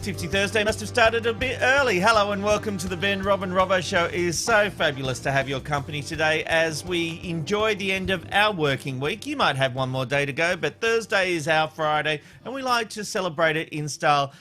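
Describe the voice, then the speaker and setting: A man hosting a chat show, his voice bright and fairly high. He jokes around with his co-hosts, then settles into a steady news read, with faint music behind. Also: brisk, few pauses. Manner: upbeat, playful, then steady news reading. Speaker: host. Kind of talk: casual chat and news reading.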